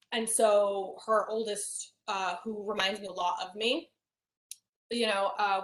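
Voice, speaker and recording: A young woman telling a painful personal story in a halting way, with many fillers and restarts. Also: mid-range voice, a bit bright. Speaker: hypnosis client. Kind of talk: emotional personal account. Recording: roomy echo.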